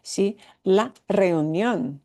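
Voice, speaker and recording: A woman teaching Spanish at an unhurried, deliberate pace, her voice sitting in an ordinary middle pitch. She explains patiently and repeats each word to show where the stress falls. She often pauses to check in with a quick "yeah?" or "okay?". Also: dark tone. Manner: models pronunciation by stressing syllables and repeating words. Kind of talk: online language class.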